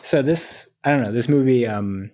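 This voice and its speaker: A man's voice: medium pitch, moderate pace, a little mellow. A man co-hosting a casual movie podcast, giving a rambling opinion. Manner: rambling, searching for words. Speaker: podcast co-host. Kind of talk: casual movie review chat.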